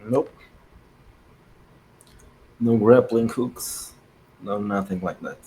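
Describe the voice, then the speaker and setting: A man's voice: on the low side, extremely slow, warm tone, poor audio. A man playing a tabletop game who answers in short, terse replies. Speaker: player. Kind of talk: casual tabletop play.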